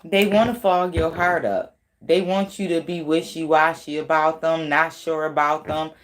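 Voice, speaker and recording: A woman's voice: low-pitched, fairly even intonation, moderate pace, a little hiss or hum. A woman doing a tarot reading in casual, blunt, profane talk, teasing and laughing often. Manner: slangy, teasing. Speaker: tarot reader.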